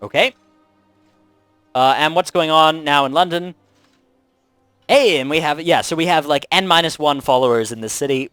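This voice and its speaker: Lively young man narrating his gameplay. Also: a little high, dry recording. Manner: animated, chatty, wry asides. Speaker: Let's Play host. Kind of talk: casual gameplay commentary.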